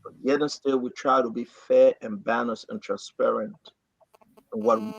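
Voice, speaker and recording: Man, gravelly, breathy, passionate political commentary, dry recording. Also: medium pitch, normal speed, no room sound. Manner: repetitive, rising to animated outbursts. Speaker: talk show host. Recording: dry, dull lo-fi audio.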